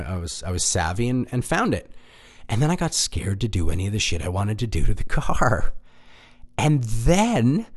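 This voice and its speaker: Candid rambling man, lively pitch. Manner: candid, rambling, self-deprecating, swears. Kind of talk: casual monologue.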